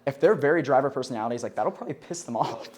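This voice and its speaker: A young man speaks very fast at medium pitch while teaching a sales class to a live audience in a classroom. His style is loose and chatty, heavy on "like" and "right?", with casual swearing and laughter at his own jokes.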